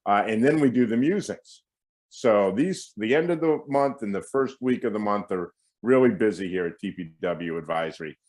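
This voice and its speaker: A middle-aged man with a low-pitched voice explains the markets in a casual interview. He is chatty and animated, with plenty of asides and fillers. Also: moderate pace. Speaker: guest market strategist.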